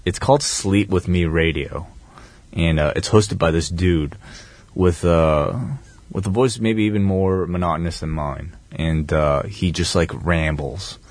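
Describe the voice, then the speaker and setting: Calm monotone man with a very low voice. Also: a little slow, dry recording. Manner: monotone, calm, rambling delivery. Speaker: podcast co-host. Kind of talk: casual chat.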